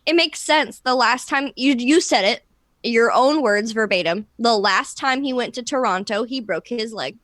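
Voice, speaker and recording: A woman co-hosting a podcast in casual group chat, telling a personal story and acting out her own past words with lively swings. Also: normal speed, no echo. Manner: animated, acts out her own past lines in a higher voice. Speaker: podcast co-host.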